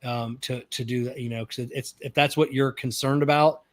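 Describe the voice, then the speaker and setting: A man co-hosting a podcast, chatting in a relaxed, matter-of-fact way. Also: medium pitch, fairly quick, no room sound. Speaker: podcast co-host. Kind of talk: casual conversation.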